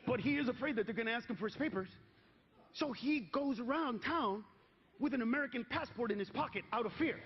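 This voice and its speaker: A male stand-up comedian performing an animated set on stage, shouting his punchlines. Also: very high-pitched, fairly quick. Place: comedy stage before a live audience. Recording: dull live stage recording, audience noise.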